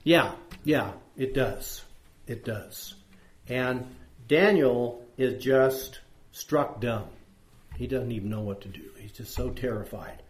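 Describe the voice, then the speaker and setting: A man's voice: mid-range voice, takes it slowly. Man leading a Bible study. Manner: conversational, asks the group questions, reads scripture aloud. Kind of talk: interactive Bible study teaching. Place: room with group. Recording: echoey room.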